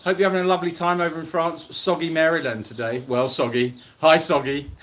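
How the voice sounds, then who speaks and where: Bright-voiced jokey man hosting a live stream. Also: on the high side, fairly even intonation, a little fast. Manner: jokey, teasing, reads out viewer comments. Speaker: co-host of a live sanctuary Q&A stream. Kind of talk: casual live-stream chat. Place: outdoors at an animal sanctuary.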